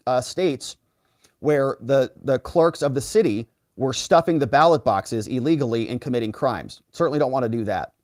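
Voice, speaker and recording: A man hosting a live legal commentary stream, reading out viewer comments and giving sarcastic, animated asides. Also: on the high side, no room sound, studio quality. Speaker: lawyer and livestream host.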